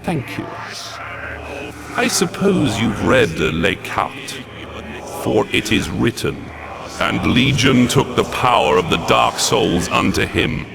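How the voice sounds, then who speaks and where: An actor playing a malevolent demonic overlord in a video game, gravelly, theatrical and mocking. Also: male voice, medium pitch, sing-song, slow pace, noisy background, heavily acted. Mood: triumphant. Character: malevolent demonic entity, sneering male overlord.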